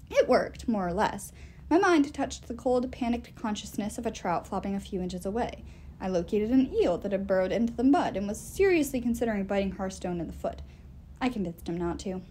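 A woman reading a novel aloud in expressive first-person narration. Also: fairly high pitch, a little hiss or hum. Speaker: audiobook reader.

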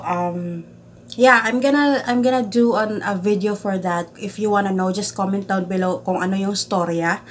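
A woman with a Filipino accent talking in a casual unboxing vlog indoors at home. She is excitable, breaks into loud exclamations and halts often with fillers. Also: medium pitch, slight background noise. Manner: halting, many fillers. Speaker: vlogger.

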